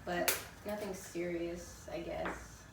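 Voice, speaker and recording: A woman's voice: on the low side, fairly even intonation, slow, vocal fry, very noisy. Young woman chatting while she eats, kinda far from the mic, roomy echo. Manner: chatty, talks while eating. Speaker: co-host. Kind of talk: casual chat over a meal. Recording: far from the mic in an echoey room with loud ambience.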